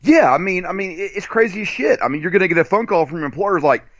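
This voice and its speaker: A man hosting an online radio show, talking in a profane, rambling, animated way with lots of fillers. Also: high voice, quick pace, no echo. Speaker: show host. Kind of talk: crude casual radio chat. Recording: dull, dry lo-fi sound.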